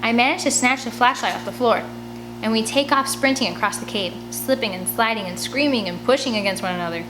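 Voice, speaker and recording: Brief: woman, expressive read-aloud of a kids' novel, home recording with a steady hum underneath. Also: fairly high pitch, fairly quick. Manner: expressive storytelling, chatty asides. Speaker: audiobook reader. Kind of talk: reading a children's chapter book aloud. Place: home room by a large window.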